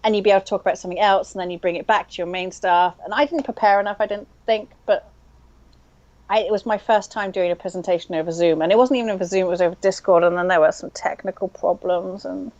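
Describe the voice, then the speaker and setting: Woman co-host, mid pitch, chatty and rambling over slightly muffled audio. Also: fairly even intonation, quick pace, darkish tone. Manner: rambling, thinks aloud with many fillers. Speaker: stream co-host. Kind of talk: casual chat while playing online mahjong.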